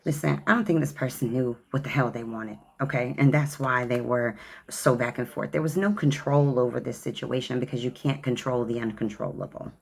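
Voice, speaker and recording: A woman's voice: extremely low pitch, a little fast, creaky, husky. A woman giving a tarot card reading in a sassy, chatty way, calling the listener honey and child. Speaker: tarot reader.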